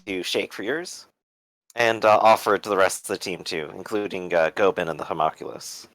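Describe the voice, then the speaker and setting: Male player, low-pitched and decisive at the table. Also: a little fast, a bit bright, no room sound, rough recording. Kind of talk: tabletop role-play.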